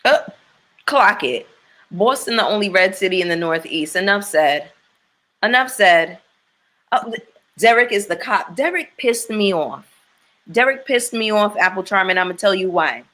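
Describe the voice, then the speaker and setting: A woman's voice: mid-range voice, animated, normal speed, pushed and bright. A woman hosting a casual chat with her viewers, blunt and opinionated, swearing freely as she reacts to a reality show.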